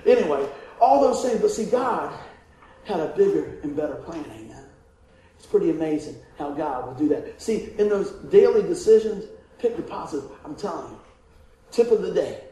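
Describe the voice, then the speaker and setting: Animated preacher in an echoing hall. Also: male voice, on the high side, normal speed. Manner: animated, laughing, folksy, quoting voices in the story. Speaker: evangelist preacher. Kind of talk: storytelling sermon testimony. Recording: heavily echoing hall with faint ambient noise.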